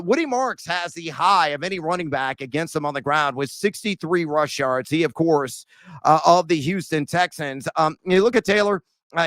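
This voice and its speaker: A man hosting a sports betting podcast, animated and self-mocking, bursting into shouts as he runs through his picks. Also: on the high side, no room sound. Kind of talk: excitable betting picks chat.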